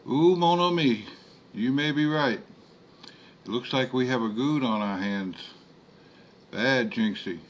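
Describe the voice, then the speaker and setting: A man voicing a short, warm Haitian Creole woman with a Haitian accent, in a spoken horror story. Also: medium pitch, unhurried, pauses often, voice pushed up, natural voice. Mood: teasing. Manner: teasing, affectionate, calls him Boo.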